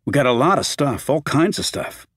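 A man voicing a frightened young man who softly comforts a woman in an audiobook. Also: medium pitch, big pitch swings, normal speed, husky, no room sound, clean studio sound, voice pushed up. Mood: soothing. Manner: soft, anxious, soothing.

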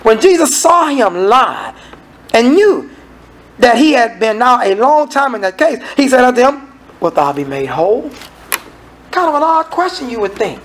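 A man's voice: very high-pitched, sing-song, normal speed, fairly bright tone, a little hiss or hum, poor audio. A man preaching a sermon in a folksy, conversational way, acting out the people in the scripture and making asides to the congregation.

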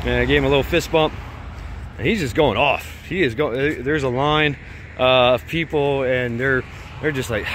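A man's voice: mid-range voice, expressive, normal speed, noisy background. A man vlogging while walking his dog outdoors at night, telling a story in a rambling way with lots of fillers and restarts.

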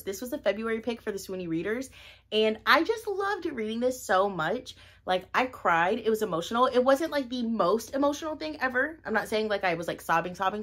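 A woman's voice: medium pitch, a bit bright. A woman doing a casual reading wrap-up vlog, talking in a bubbly, gushing way and repeating words for emphasis. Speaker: book reviewer.

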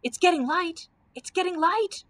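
A woman's voice: high voice, normal speed. Woman reading as an eager young girl. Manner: excited, eager. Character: excited young girl adventurer.

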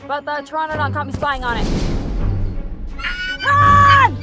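A woman park ranger in a scripted children's video, excitable and over the top. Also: high-pitched, fast. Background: background music.

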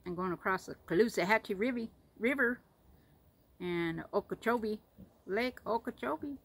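A woman's voice: medium pitch, expressive, normal speed, husky, rough recording. A woman from Florida with a Southern US accent, chatting casually and rambling, cooing at her pet. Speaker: vlogger. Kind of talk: casual chat.

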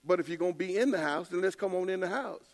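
A man's voice: high voice, fast talker. An older man preaching a casual sermon, telling stories in a loose colloquial way with laughing asides. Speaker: pastor. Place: church.

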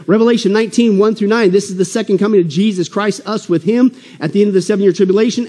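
A man preaching to a church conference in a very high voice, exuberant and animated, with loud bursts and sudden low asides. The long reverb of the hall trails behind every line. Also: fast talker, few pauses. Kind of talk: conference sermon.

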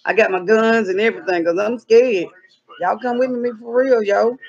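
A man with a very high, gravelly voice, vlogging in a loud, theatrical comic style. His voice breaks into yelps and shouts, and the audio is dull and lo-fi. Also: steady tone, normal speed. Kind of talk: comedic outdoor vlog.

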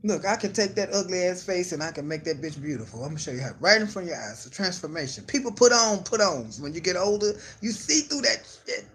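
A man's voice: sits high, fast talker, few pauses, slight background noise. A man hosting a live stream, talking in a loose, profane, comedic rant to his viewers. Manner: profane, animated, slides into put-on voices.

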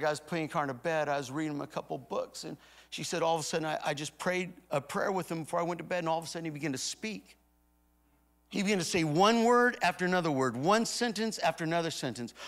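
Pastor preaching, hushed to booming. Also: male voice. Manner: swings from hushed retelling to loud emphatic declarations. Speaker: guest pastor. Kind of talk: sermon storytelling. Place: church auditorium before a congregation.

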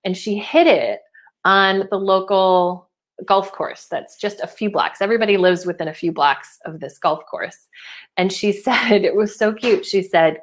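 A woman's voice: mid-range voice, unhurried. A woman hosting a live webinar from home as a speaking coach, upbeat and emotional, close to tears, reading out chat messages. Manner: warm, upbeat, emotional and chatty. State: teary, close to crying. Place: her home.

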